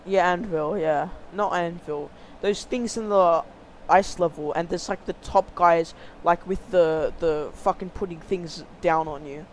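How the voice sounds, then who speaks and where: Co-hosting a casual video game podcast, a man with a fairly high, unhurried voice rambles with plenty of fillers while pushing to keep things on topic. The audio is poor, with slight background noise.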